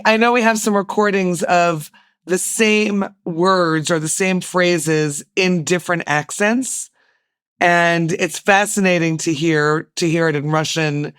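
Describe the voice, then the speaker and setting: A woman hosts a news podcast, asking her guest questions in an easy, conversational way. Her voice is smooth and resonant, recorded close and dry. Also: lowish voice, steady tone, measured pace, no room sound. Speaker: podcast host.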